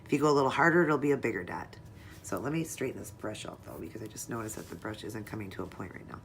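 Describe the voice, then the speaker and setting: Against a noisy background, a woman with a rumbling low voice talks fast and animatedly. She narrates a casual nail art tutorial step by step, chatting to viewers as she works.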